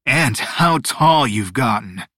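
A man voicing a booming, grinning male god of bad luck who sounds falsely friendly. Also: expressive, takes it slowly, bright, forceful tone, no echo, studio quality, exaggerated voice. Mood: oily, jovial.

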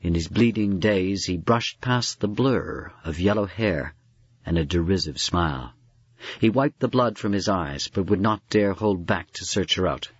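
A man reading a story aloud with measured, dramatic storytelling. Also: deep voice, breathy edge, no echo, lo-fi sound. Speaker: narrator.

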